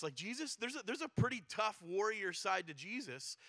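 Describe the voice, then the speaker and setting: A man's voice: high-pitched, big pitch swings, moderate pace, bright, forceful tone, no echo, studio quality. A man preaching a sermon in a conversational, chatty way, with plenty of filler words. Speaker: pastor.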